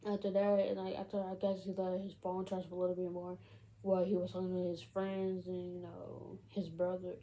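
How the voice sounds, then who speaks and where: A woman's voice: fairly low pitch, mellow, slight background noise, rough recording. A woman casually retelling a film's plot in a rambling way, filling every gap with "like" and "you know". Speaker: film recap vlogger.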